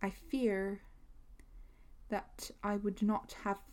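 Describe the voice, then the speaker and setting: A woman's voice: mid-range voice, little pitch movement, extremely slow, darkish tone. A young woman hosting a casual solo podcast, chatty and rambling with lots of fillers. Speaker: podcast host.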